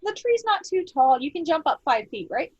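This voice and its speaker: A woman running a tabletop game as game master, relaxed and thinking aloud with lots of fillers. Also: high-pitched, normal speed, no echo, muffled recording.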